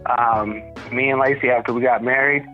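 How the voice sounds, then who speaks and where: A man's voice: medium pitch, steady tone, moderate pace, narrow, tinny audio, over music. A man with a Southern US accent, chatting as a podcast guest in an easygoing, rambling way. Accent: Southern US picked up in Alabama. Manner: easygoing, rambling, many fillers. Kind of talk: casual chat.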